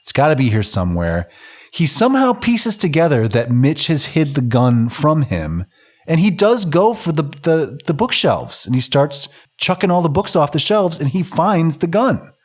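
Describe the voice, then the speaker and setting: With a high-leaning voice, big pitch swings and a moderate pace, a man co-hosting a podcast jokes and swears his way through a casual recap of an old film, acting out what the characters say.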